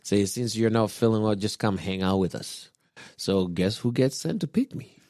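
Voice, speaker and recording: A man from Kenya, relaxed and chuckling often as he tells a personal story in casual chat. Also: fairly low pitch, normal speed, no room sound, clean studio sound. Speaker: podcast guest.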